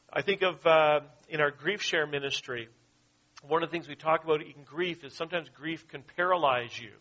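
Male pastor, earnest sermon delivery, slightly high, bright tone, muffled lo-fi sound. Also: a little fast. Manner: earnest preaching, repeats key phrases.

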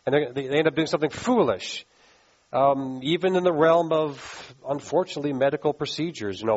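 A man's voice: mid-range voice, animated, a little fast, muffled recording. A pastor giving a conversational sermon, asking his listeners questions. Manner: conversational preaching with rhetorical questions.

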